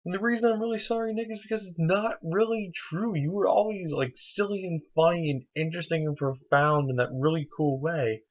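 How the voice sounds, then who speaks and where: A man's voice: fairly high pitch, a little fast, few pauses. A young man talking to camera in a casual video diary, earnest and rambling, with lots of fillers. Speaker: vlogger. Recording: slightly dull lo-fi sound.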